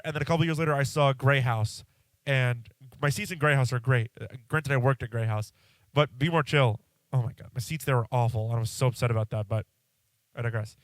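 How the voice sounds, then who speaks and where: On a casual solo podcast, a congested host rambles, breaks off mid-thought, and swears offhandedly. His smooth, resonant, medium-pitched voice is heard close with no room sound.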